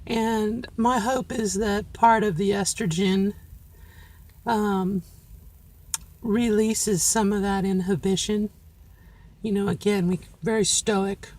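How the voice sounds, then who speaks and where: Slow and steady, often pausing, her medium-pitched voice carries a darkish tone. She is a middle-aged woman in a casual vlog, candidly reflecting and encouraging herself as she speaks straight to viewers in a trained, carefully placed feminine voice.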